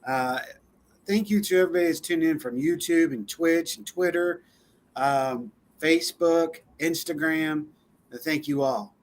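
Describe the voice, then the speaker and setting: A man's voice: a little high, unhurried. A man co-hosting a live-stream talk show, chatting casually with a loose, laughing, filler-heavy delivery. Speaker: co-host.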